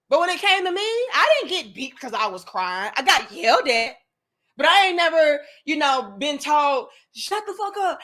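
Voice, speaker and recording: Blunt, bright-voiced woman streamer. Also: a little high. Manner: blunt, swearing, emphatic storytelling. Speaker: commentary channel host. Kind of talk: casual commentary to a live chat.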